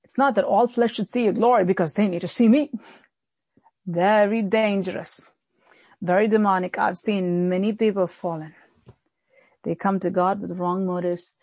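A woman pastor preaching a sermon in an animated way, often acting out the voices of people she quotes. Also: medium pitch, moderate pace, dry recording.

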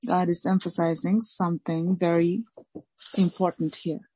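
Slow, husky-voiced woman preaching. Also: fairly low pitch, level tone, dark tone, dry recording, poor audio. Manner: slow, emphatic preaching with deliberate repetition; reads scripture aloud. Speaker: pastor. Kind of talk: sermon.

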